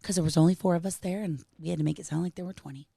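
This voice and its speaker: A woman co-hosting a casual podcast, hoarse from lost voice, chatty and laughing often. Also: lowish voice, fairly even intonation, racing, dark tone, dry recording, clean studio sound. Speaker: podcast co-host. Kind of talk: casual chat. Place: home recording room.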